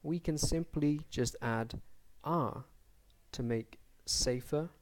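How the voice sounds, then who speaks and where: A man's voice: a little high, slow pace, a little mellow, a little hiss or hum. A man teaching an English grammar lesson, explaining spelling rules carefully and spelling words out letter by letter.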